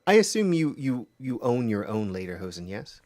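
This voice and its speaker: A man chatting casually on a video call as an open mic regular, chummy and quick with agreeing interjections. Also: mid-range voice, very animated, darkish tone, dry recording. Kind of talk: casual chat.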